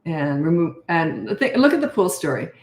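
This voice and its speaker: A woman's voice: deep voice, big pitch swings, normal speed, darkish tone. An older woman from Canada, a parenting coach chatting casually on a live stream and telling rambling stories with frequent laughs. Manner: chatty, rambling storyteller who laughs often. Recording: roomy echo.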